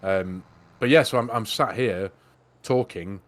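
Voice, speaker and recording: A man's voice: lowish voice, a little slow. A man chatting and telling self-deprecating stories while playing a farming game over a headset. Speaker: co-host of a farming game stream. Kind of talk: casual chat while gaming. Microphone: gaming headset.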